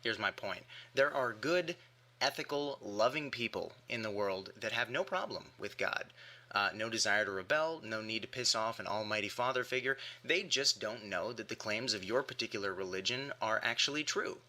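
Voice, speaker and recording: Forceful emphatic male commentator. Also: lowish voice, moderate pace. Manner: emphatic, rhetorical questioning. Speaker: atheist commentator. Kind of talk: argumentative rebuttal monologue.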